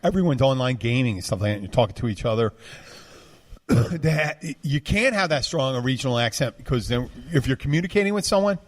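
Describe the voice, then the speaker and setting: A man hosts a casual podcast chat. He talks in a rambling, digressive way, at a mid pitch. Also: lively intonation, fairly quick. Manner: rambling, digressive, full of restarts. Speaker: podcast host.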